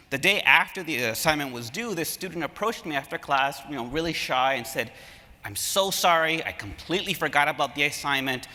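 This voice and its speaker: A man speaking as an academic at a conference, telling stories in an animated way and engaging the audience from a lecture hall stage. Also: mid-range voice. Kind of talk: conference talk. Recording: reverberant hall.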